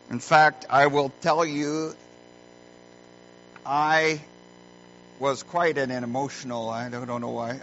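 Bright-voiced middle-aged male pastor preaching. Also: a little high, gravelly. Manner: earnest, folksy storytelling with deliberate pauses. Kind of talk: sermon. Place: church sanctuary. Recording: muffled lo-fi recording with faint hum.

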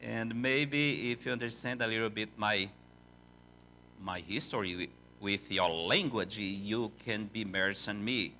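An older man with a Portuguese accent, a native Portuguese speaker, preaching as a visiting missionary in halting, self-deprecating English. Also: lowish voice, sharp tone, a little hiss or hum. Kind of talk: sermon in a church.

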